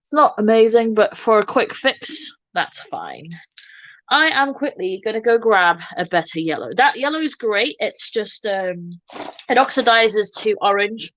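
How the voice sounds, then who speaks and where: A woman's voice: on the high side, lively intonation, normal speed, fairly bright tone, dry recording, lo-fi sound. A woman hosting a casual makeup livestream, chatting to her viewers in a self-mocking way while she works. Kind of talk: casual makeup tutorial chat.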